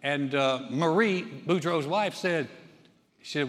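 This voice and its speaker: A man's voice: on the high side, slow, a bit bright. A man from North Carolina preaching a sermon in a folksy, conversational way. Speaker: pastor. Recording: long hall reverb.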